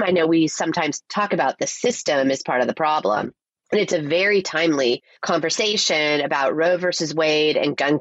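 A woman co-hosting a podcast, her voice stuffy and a little husky from a cold. She talks low and lively, and her pitch moves a lot. The sound is close and dry. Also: dry recording, highs cut off. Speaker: podcast co-host. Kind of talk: podcast intro and casual chat.

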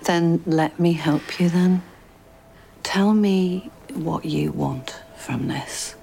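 A very slow, low, gravelly-voiced therapist, gentle drama scene. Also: female voice, slight background noise, exaggerated voice. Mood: soothing. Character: calm female therapist. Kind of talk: TV drama acting.

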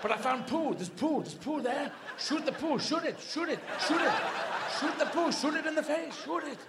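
Comic bit: a man voicing a paranoid, shouting guard dog, very high, stage mic with audible room noise. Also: moderate pace. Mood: frantic. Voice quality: shrill, excitable, shouting. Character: frantic paranoid guard dog, absolutely sure.

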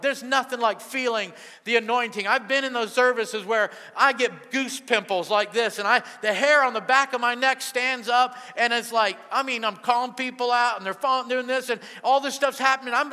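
Fervent high-voiced pastor in a reverberant hall. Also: male voice, sharp tone. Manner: fervent, calls to the congregation. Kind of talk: sermon. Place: church sanctuary. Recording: long church-hall reverb.

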